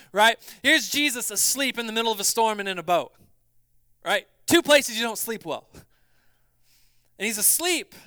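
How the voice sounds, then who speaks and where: A man preaching a sermon as pastor, swinging between loud urgency and quiet, hushed passages. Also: extremely high pitch, smooth, no echo.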